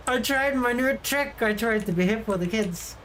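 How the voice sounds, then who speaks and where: A woman streamer with a slightly high voice spins unhurried travel anecdotes, laughing freely along the way. She talks from a desk mic with a faint hum behind her. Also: a bit bright, low-quality recording. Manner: chatty, laughs often mid-story. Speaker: VTuber streamer. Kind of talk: casual stream chat, storytelling.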